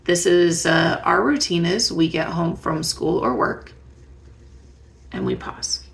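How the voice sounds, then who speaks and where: Gravelly-voiced woman giving parenting advice. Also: on the low side, steady tone, takes it slowly. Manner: warm, conversational, asks the listener reflective questions. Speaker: parenting educator. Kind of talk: direct-to-camera advice talk.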